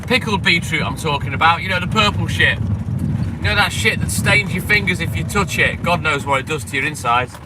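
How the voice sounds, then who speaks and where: A man's voice: fairly high pitch, normal speed. Chatty man streaming from a noisy street. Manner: chatty, friendly, rambling. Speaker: milkman streamer. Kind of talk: casual chat with live viewers. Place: outdoors by a vehicle on a milk round. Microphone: phone. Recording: noisy outdoor phone stream. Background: street and vehicle noise.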